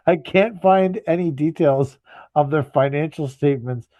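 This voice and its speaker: A man's voice: a little high, measured pace, dry recording, phone-quality sound. A man co-hosting a podcast who teases the others and laughs while reading aloud. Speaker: podcast co-host. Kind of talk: casual chat.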